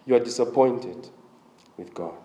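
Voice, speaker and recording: A man's voice: mid-range voice, measured pace, mellow, reverberant. A man preaching a sermon, with a slightly strained voice, asking the congregation questions as he goes. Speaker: pastor.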